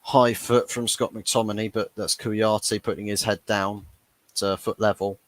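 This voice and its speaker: A young man with a low, deep voice gives live reaction commentary on a football match, talking casually as an anxious fan. The sound is dry and close, with no room echo. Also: level tone, a little slow, fairly bright tone. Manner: chatty, laughs at his own jokes, frustrated fan. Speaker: fan watchalong host.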